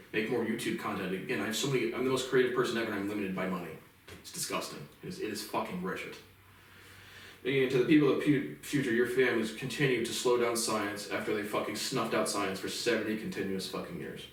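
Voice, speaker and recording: This late-twenties vlogger's voice is fairly low in pitch and a little bright as he bitterly vents to camera in a personal monologue full of swearing. Audio comes from far off in an echoey space.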